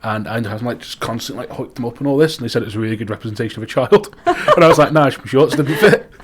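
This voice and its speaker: A young man with a Manx accent, co-hosting a casual chat podcast, who swears freely and gets animated when he rants. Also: medium pitch, very fast, slightly rough. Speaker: podcast co-host.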